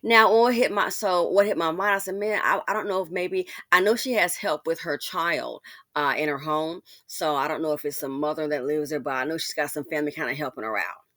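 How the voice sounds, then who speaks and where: A woman's voice: deep voice, brisk, a bit bright, no echo, studio quality. A woman hosting a casual commentary, talking straight to her listener in a sassy, outspoken way. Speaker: commentary channel host.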